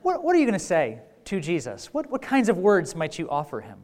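A man's voice: high voice, huge pitch swings, a little fast, darkish tone. A man giving a conversational sermon, informal and full of repeated words and "like"s, with wry, self-deprecating humor. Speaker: preacher.

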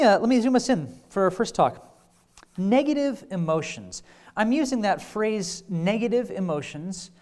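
A man preaching a teaching session with an easy, conversational manner. He sprinkles in "right?" checks and dry little jokes, and the fillers and restarts keep it relaxed. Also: a little high. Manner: wry humor. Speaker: pastor. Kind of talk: conference teaching talk.

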